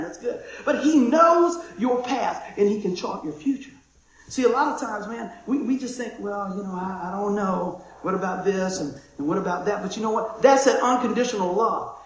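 A man preaching a conversational sermon, excitable and chatty, dropping to a hush and then shouting with excitement. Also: high voice. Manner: excitable, conversational, swings from loud to hushed. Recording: very echoey room.

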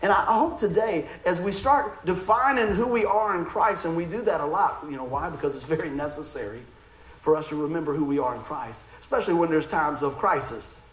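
A middle-aged man preaching a sermon, telling stories in an animated way with frequent laughter. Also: fairly high pitch, brisk. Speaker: pastor. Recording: echoey room with faint background noise.

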